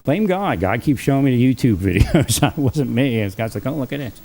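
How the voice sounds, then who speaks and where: A man's voice: medium pitch, big pitch swings, moderate pace, a little mellow. A man talking alone on his livestream, rambling and chuckling often between thoughts. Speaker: livestream host. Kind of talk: rambling solo livestream talk.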